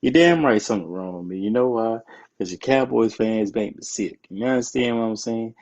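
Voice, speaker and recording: A man's voice: lowish voice, fairly quick, a little mellow, poor audio. A man co-hosting a casual sports podcast, teasing and trash-talking with frequent laughs. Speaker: podcast co-host.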